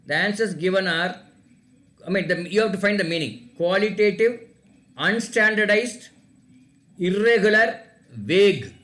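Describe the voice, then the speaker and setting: A man's voice: high-pitched, a little slow, pauses often, pushed and bright. A man running an oral quiz for students, repeating each question and spelling words out letter by letter. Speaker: quiz teacher. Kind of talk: online class quiz, reading questions aloud.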